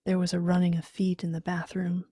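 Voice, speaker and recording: A woman reading a horror story in a hushed, half-whispered voice. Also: on the low side, monotone, fairly quick, husky, no echo, studio quality. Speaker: audiobook reader. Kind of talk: scripted horror narration.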